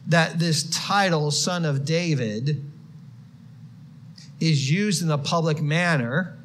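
Man, preaching, fairly high voice, faint hiss behind. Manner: expressive, swings from quiet to shouted quotes. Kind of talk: sermon.

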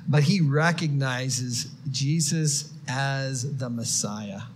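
Male preacher, expressive sermon delivery, slight background noise. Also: medium pitch, slow. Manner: expressive, swings from quiet to shouted quotes.

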